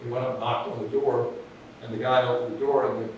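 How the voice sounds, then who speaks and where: A man's voice: mid-range voice, little pitch movement, brisk, muffled recording. A man telling a long rambling anecdote in a casual way, chuckling now and then. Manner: rambling, restarts, chuckles at his own story. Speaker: storyteller. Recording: distant echoey room with background noise.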